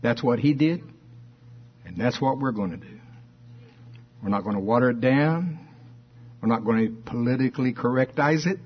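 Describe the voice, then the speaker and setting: A man preaches with fervor, his voice husky and a little breathy at mid pitch. He reads scripture with heavy emphasis and throws questions out to his listeners. The recording sounds dull and muffled. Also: moderate pace, pauses often. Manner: fervent, emphatic preaching with call-and-response questions. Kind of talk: sermon.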